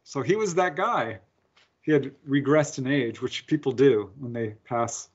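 A man's voice: medium pitch, expressive, a little slow, slightly rough, dull audio. A man, a guest author, telling stories in a casual interview, laughing often and acting out his own lines.

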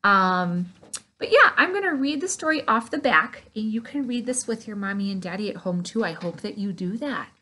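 A woman teaching an online preschool Bible lesson, animated and playful, gasping in delight as she talks to small children. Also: mid-range voice, normal speed, a little hiss or hum.

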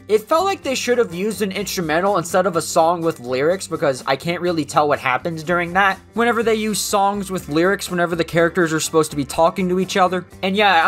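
A man's voice: on the high side, fairly bright tone. A young man giving casual video commentary in a rambling, offhand and self-deprecating way. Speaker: video creator.

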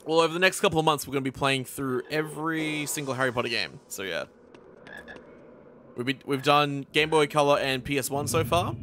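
A man's voice: fairly high pitch, fairly quick, a bit bright, slight background noise. A young man streaming a game at home, chatting casually, swearing a lot and laughing often as he rambles through stories.

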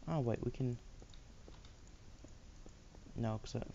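A man's voice: medium pitch, takes it slowly, creaky, mellow, highs cut off, slight background noise. A man hosting a let's play, chatting casually and muttering to himself while he builds. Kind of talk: casual gameplay commentary.

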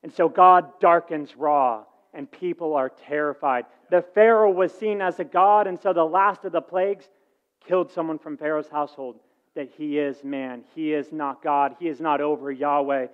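A man preaching with a slightly high voice, acting out the story's dialogue as he goes and swinging between quiet asides and loud lines. The recording sounds dull and lo-fi. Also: moderate pace. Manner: animated storytelling, acting out dialogue with shifts in volume. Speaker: pastor. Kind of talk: sermon.

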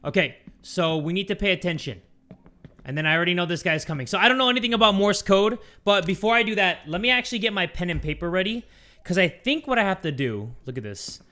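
A young man playing a horror video game, commenting as he goes, jumpy and swearing, letting out yelps and shouts when scared. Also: high voice, expressive, quick pace. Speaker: gaming YouTuber. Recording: game music under the voice. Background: game music.

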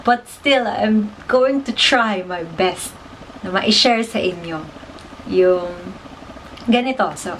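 A woman's voice: medium pitch, slight background noise, poor audio. A woman from the Philippines with a Filipino accent, chatting casually as she teaches slang in a vlog, slipping Tagalog into her English and giggling often.

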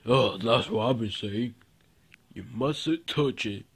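Brief: a man ad-libbing a homemade puppet show, slow and rambling, mid-pitched. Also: husky. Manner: rambling and repetitive, with fillers. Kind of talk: improvised toy puppet skit.

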